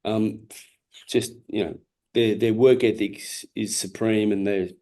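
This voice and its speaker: A man's voice: on the low side, fairly even intonation, a little slow, dark tone. A tired Australian man in his forties, a former boxer chatting as an interview guest, blunt and profane, often repeating himself and restarting sentences. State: tired and yawning. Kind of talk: casual interview chat.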